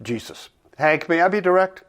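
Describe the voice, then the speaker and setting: A man voicing a calm, direct divine judge who speaks in a measured, solemn way in a dramatic reading. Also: fairly high pitch. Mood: stern.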